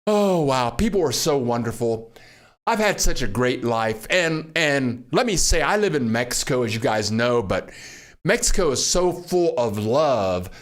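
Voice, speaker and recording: An older man hosting a casual livestream from Mexico, greeting viewers by name and getting excited over their messages. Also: medium pitch, a little slow. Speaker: livestream host. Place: home in Mexico.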